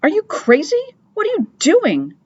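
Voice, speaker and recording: A woman's voice: on the high side, lively intonation, unhurried, highs cut off, voice pushed up. A woman reading an audiobook, voicing an alarmed boy hero who blurts out his words.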